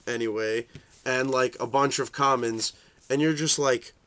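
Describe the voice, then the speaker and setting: A young man rants casually at medium pitch, swearing freely and padding his sentences with fillers. He rambles from one point to the next in a loose, unscripted way. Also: moderate pace, a bit bright. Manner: profane, rambling, full of fillers; shifts into high voices for quoted reactions. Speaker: card game vlogger. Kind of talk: casual rant.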